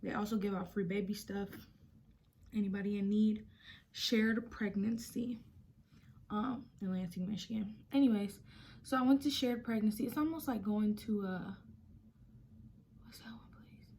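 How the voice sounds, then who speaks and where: A woman's voice: medium pitch, moderate pace, a little hiss or hum. Chatty young woman telling a story. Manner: chatty, animated retelling with acted-out quotes. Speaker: vlogger. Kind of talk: casual storytime vlog.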